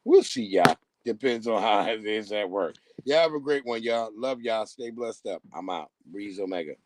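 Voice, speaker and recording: A man's voice: on the low side, moderate pace, no room sound. A man hosting a streamed show, signing off in a loose, profane, laughing way. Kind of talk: casual sign-off chat.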